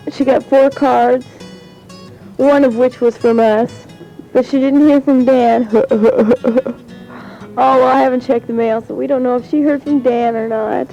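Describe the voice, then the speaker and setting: A teenage high schooler giggles and chats her way through a spoken letter on cassette tape. Her voice is high, gravelly, and warm, and the sound is the dull lo-fi of a 1970s home cassette.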